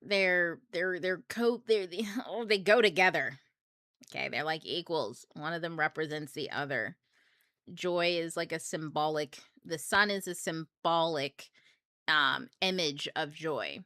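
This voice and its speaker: A woman's voice: low-pitched, a little slow, sharp tone, no room sound. A young adult woman hosting a book club, talking casually about astrology in a rambling, candid way, swearing freely. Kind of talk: casual livestream talk on astrology.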